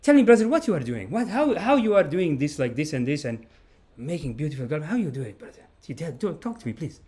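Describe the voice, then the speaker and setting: A man's voice: a little high, very animated, fast talker, darkish tone. A man voicing a male friend who begs for his dating secrets in broken, pleading English. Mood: begging.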